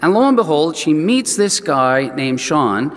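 An older man preaching a sermon, telling a family story in a conversational, animated way and acting out the voices of the people in it. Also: on the high side, unhurried, in a large hall. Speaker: pastor.

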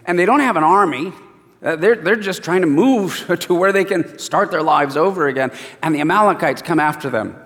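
A man preaching a sermon and reading scripture, an animated storyteller who acts out the voices. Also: fairly high pitch, moderate pace, in a large hall.

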